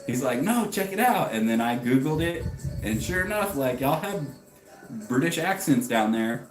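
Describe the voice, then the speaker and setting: A man's voice: mid-range voice, animated, normal speed, echoey room, faint music behind, low-quality recording. A man in his thirties from the United States, chatting casually with viewers on a livestream and greeting them by name. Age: 30s. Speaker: livestream host. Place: home garage.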